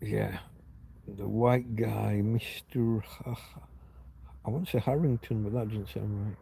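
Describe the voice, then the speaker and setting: A man's voice: fairly low pitch, fairly even intonation, unhurried, vocal fry, warm tone, slight background noise. A middle-aged man hosting a casual livestream from home on his phone, meandering and reminiscing, often trailing off and restarting his thoughts. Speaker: livestream host. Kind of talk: rambling casual chat.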